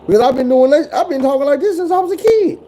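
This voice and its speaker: A man's voice: very high-pitched, animated, fast, mellow, rough recording. A man in his forties telling stories in casual chat, blunt and full of cursing. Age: 40s. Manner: profane, blunt, drawling storyteller.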